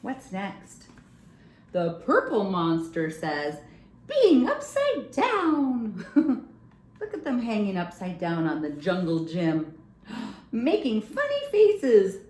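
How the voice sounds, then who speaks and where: Woman, storytime reader, lively sing-song voice, slow unhurried pace, echoey room. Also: fairly low pitch. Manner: playful, sing-song, animated with silly sounds. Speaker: children's storytime host. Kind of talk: reading a picture book aloud to kids.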